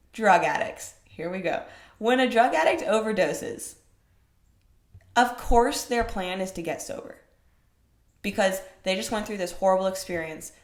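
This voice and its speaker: A young woman, a personal trainer, holds forth on her podcast in a blunt, profane monologue. She peppers listeners with rhetorical questions and punches her points louder. Her voice sits in a middle range and rings in a roomy, echoing space. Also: mid-range voice. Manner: rhetorical questions, animated swings in loudness. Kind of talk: casual monologue. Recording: roomy echo.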